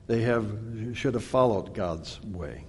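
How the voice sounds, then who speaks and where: A man's voice: lowish voice, expressive, darkish tone, a little hiss or hum. Earnest male preacher with long reverb. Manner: earnest, emphatic, slows for scripture readings. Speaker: pastor. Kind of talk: sermon, Bible teaching.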